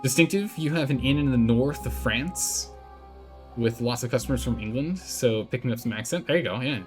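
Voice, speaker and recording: A man's voice: mid-range voice, normal speed, darkish tone, soft background music. A man casually commentating his building game on a live stream, thinking aloud, answering chat and laughing often.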